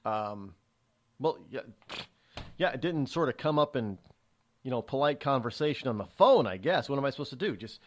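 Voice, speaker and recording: A middle-aged man hosts a radio talk show in a mid-range voice, at a moderate pace with frequent pauses. He's opinionated and animated, sarcastically acting out the voices of people he quotes.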